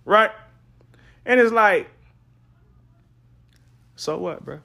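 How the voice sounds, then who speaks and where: A young adult man hosting a podcast, ranting casually and swinging from loud trash talk to low mutters. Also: expressive, very slow, gravelly. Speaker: podcast host.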